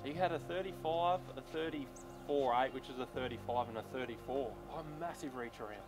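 A young Australian tournament angler recaps his day of fishing in a casual chat, talking a little fast in a mid-range voice over background music. He's an animated storyteller who acts out sounds and quotes what people said.

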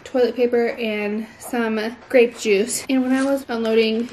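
A woman's voice: a little high, steady tone, measured pace, darkish tone, a little hiss or hum. A young pregnant woman chatting casually to a handheld camera as she runs errands and relaxes at home, full of "like" fillers. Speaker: vlogger. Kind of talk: casual vlog chat.

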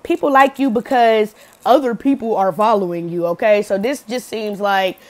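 A woman's voice: medium pitch, normal speed. A woman doing a casual pick-a-card tarot reading, slangy and profane, checking in with the viewer and laughing often. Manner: slangy, cusses freely, laughs often, acts out quotes loudly; says "okay?" often to the viewer.

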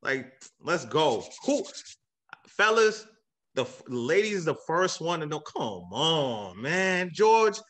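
Hyped-up bright-voiced man cheering a crowd. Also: on the high side, big pitch swings, slow pace, few pauses. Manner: hyped, repetitive, cheering on donors; earnest and emotional when preaching. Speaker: real estate agent, guest speaker. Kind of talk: motivational livestream talk.

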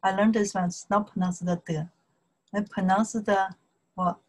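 A woman with a Chinese accent who speaks Chinese natively, teaching a casual online language lesson. She talks haltingly with many fillers and repeats each syllable along with its tone. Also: medium pitch, steady tone, a little mellow, poor audio.

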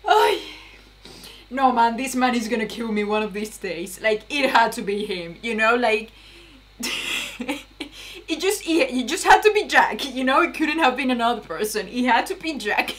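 Bright excitable young woman reacting. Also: fairly high pitch, unhurried. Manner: excitable, swears often, laughs a lot. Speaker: reaction video host. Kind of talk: casual TV reaction commentary.

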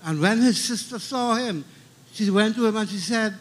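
A middle-aged man with a Trinidadian accent preaches a funeral sermon in a high voice at a measured pace. He is emphatic, repeats key lines, and calls out for amens.

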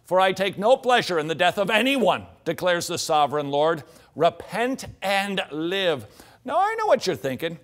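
A man's voice: high-pitched, sing-song, normal speed, a bit bright. A middle-aged man teaching from the Bible on a show, reading scripture aloud and dropping in jokey asides.

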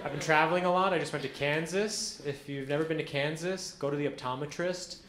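A man performing a stand-up comedy set on a club stage, telling deadpan stories with acted-out quotes. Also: a little high, a little fast. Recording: echoey club with audience noise. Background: audience laughter.

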